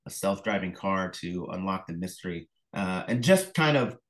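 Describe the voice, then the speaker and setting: Animated middle-aged man telling stories. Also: low voice, moderate pace, poor audio. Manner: animated storyteller, acts out phone calls, many fillers. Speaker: author and illustrator, interview guest. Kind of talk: casual interview conversation.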